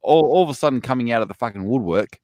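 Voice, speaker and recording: A man chatting casually, complaining in a halting way with many fillers. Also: mid-range voice, expressive, darkish tone, no echo. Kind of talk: casual chat.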